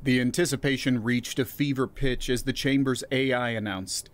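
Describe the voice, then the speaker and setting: A man narrating a scripted science fiction story in a steady, even reading voice. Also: medium pitch, moderate pace.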